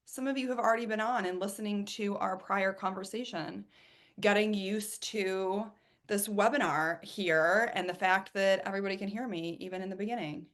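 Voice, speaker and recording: A woman's voice: mid-range voice, moderate pace, a bit bright. A woman from Ohio hosting a live webinar, talking in an enthusiastic, chatty way and often repeating herself. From Ohio, USA. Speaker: webinar host and coach.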